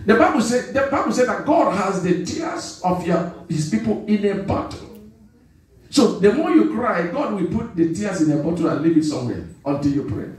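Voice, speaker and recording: A male pastor preaches with a high, swooping voice, hammering his points home through repetition and calling on the congregation to answer back. He sounds distant from the microphone, and his words ring through a big echoing church hall. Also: sing-song, moderate pace, a little mellow. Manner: emphatic call-and-response preaching; repeats phrases for emphasis. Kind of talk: sermon. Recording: echoey hall from far off.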